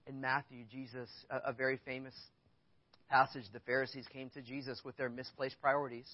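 A man's voice: medium pitch, little pitch movement, a little fast, no room sound. A man preaching a sermon in church as the pastor, speaking candidly and conversationally, telling a personal story and putting questions to the congregation. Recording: dry, dull lo-fi sound.

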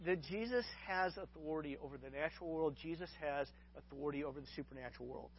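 A man's voice: fairly high pitch, fast talker, hardly any pauses, slightly rough, lo-fi sound. A man preaching a sermon as pastor, often restarting and repeating words, with folksy asides to his congregation.

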